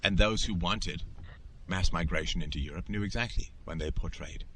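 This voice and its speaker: A man's voice: low voice, moderate pace, fairly bright tone, slight background noise. A middle-aged man hosting a show, delivering an emphatic, opinionated monologue in a lecturing manner. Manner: emphatic, lecturing, acts out quoted voices. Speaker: podcast host.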